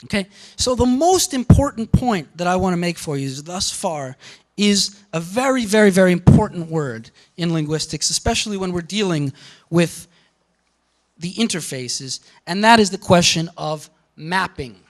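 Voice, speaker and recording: A man giving a university lecture, animated and often checking in with the class. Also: sits high, normal speed, low-quality recording.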